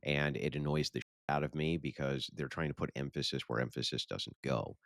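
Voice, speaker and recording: Blunt male host, extremely low and gravelly, casual reaction commentary. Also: steady tone, fairly quick, a bit bright, no echo, studio quality. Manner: blunt and opinionated, with frequent restarts and mild profanity.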